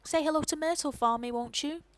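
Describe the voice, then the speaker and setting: A woman's voice: sits high, fairly quick, slight background noise, natural voice, low-quality recording. A woman voicing a kindly, gossiping old woman neighbor in a video game, fussing and sympathetic. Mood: gossipy.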